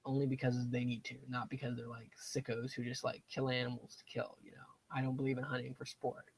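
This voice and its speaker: A young man streams a strategy game at a slightly quick pace, his medium-pitched voice level as he chats casually, rambles off into side stories and talks to himself about his moves. The audio is poor, with a little background noise.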